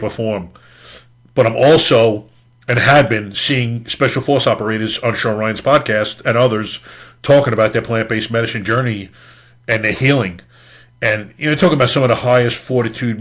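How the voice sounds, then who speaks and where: A man's voice: lowish voice, a bit bright. A middle-aged man, a podcast host and retired police officer, tells his personal story in an interview. He talks candidly and earnestly, swears casually and often says "man".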